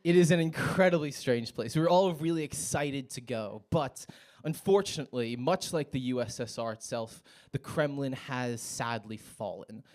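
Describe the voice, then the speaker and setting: A man's voice: mid-range voice, moderate pace, darkish tone. A young American man performing a stand-up set in a comedy club, with a wry, self-mocking delivery.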